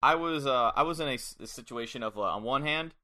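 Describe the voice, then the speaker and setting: A man talking on a podcast in a bright, tense voice at an ordinary male pitch. He speaks with blunt enthusiasm, swears casually and piles one detail onto the next. He sounds close to the microphone. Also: quick pace. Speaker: podcast co-host. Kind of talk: casual chat. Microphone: studio microphone.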